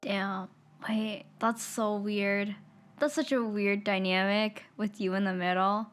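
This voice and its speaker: A young woman hosting a stream, reacting to guests' stories in a relaxed, teasing way. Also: medium pitch, slow pace. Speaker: streamer host. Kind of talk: casual chat.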